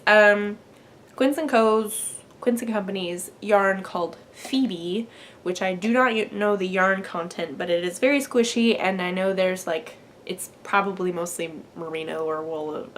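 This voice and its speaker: A young woman in her twenties hosts a casual knitting podcast from home. She rambles in a bubbly, chatty way with plenty of fillers. Her pitch sits in a plain middle range for a woman. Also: a bit bright, slight background noise. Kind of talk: casual chat to camera.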